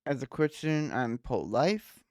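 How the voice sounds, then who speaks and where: A man's voice: medium pitch, big pitch swings, measured pace, no echo, clean studio sound. A man hosting a reaction video, talking casually and rambling, often correcting himself mid-sentence. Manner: rambling, self-correcting, laid-back.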